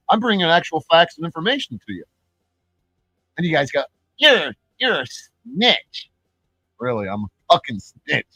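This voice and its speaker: Mocking and cursing at those he calls out, a man rants angrily on his YouTube channel. He has a fairly high, somewhat bright voice, recorded without echo but with dull audio.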